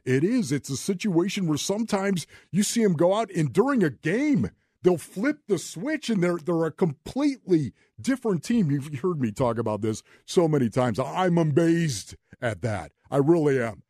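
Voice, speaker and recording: Sports radio host, man, slightly high voice, emphatic, dry studio sound. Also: big pitch swings, normal speed, warm tone, husky, no echo. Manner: emphatic, rhetorical questions.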